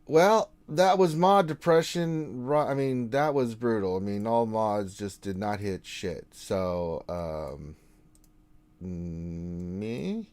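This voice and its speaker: A man hosting a casual gaming livestream, reading out viewer greetings and answering them in a relaxed, chatty way. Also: fairly low pitch, takes it slowly, no room sound. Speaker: game streamer host.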